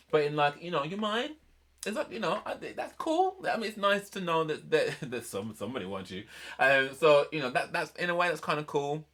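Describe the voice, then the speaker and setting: A man's voice: medium pitch, fairly bright tone. A man hosting a casual album reaction, talking in a chatty, rambling way and laughing often. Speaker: music reaction channel host.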